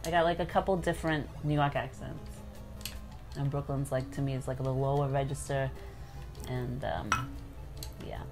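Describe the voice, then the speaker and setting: A woman chatting casually on a game stream, rambling and quick to laugh. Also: very deep voice, steady tone, music in the background. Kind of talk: casual chat.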